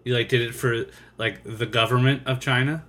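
A man's voice: mid-range voice, fairly even intonation, moderate pace, fairly bright tone. A man hosting a casual podcast, asking rambling, curious questions with some mild swearing. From United States. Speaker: podcast host.

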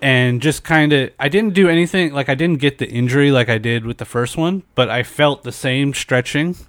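A man's voice: mid-range voice, normal speed, fairly bright tone, no echo, studio quality. A young adult man with a nasal, stuffed-up voice, hosting a podcast in casual chat, rambling and swearing with many fillers. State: stuffed-up nose from a head cold. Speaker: podcast host.

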